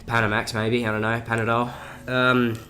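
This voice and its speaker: A man's voice: mid-range voice, level tone, normal speed. A seventeen-year-old man with a South Australian accent, rambling through a casual Q&A vlog with lots of fillers and swearing. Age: teens. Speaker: YouTuber.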